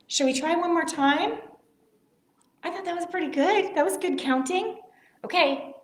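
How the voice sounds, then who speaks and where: A woman librarian reading picture books aloud at story time, gentle and expressive, cheerful and encouraging with young children. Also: very high voice, measured pace, long pauses, reverberant.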